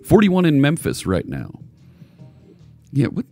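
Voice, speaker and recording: A man's voice: mid-range voice, huge pitch swings, a little slow, gravelly, warm tone, faint music behind. A man hosting a casual live coding stream, chatting loosely and joking with viewers as he works. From United States. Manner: rambling, chatty, jokey.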